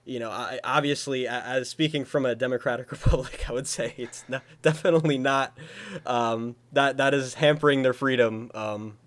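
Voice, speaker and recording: A man co-hosting a casual podcast discussion, talking in a hesitant way with many pauses and restarts, laughing often. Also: mid-range voice, fairly even intonation. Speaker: podcast co-host.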